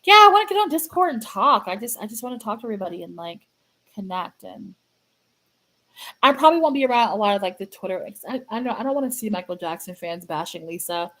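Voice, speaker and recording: A woman hosting her own fan channel, chatting casually and sadly to viewers, halting and repeating herself with many fillers. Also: mid-range voice, lively intonation, a bit bright, rough recording. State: sad, grieving. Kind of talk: casual livestream chat to viewers.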